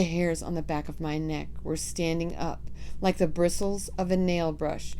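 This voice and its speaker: A woman's voice: on the low side, fairly even intonation, measured pace, a little mellow, smooth. A woman reading a storybook aloud, narrating vividly in the first person.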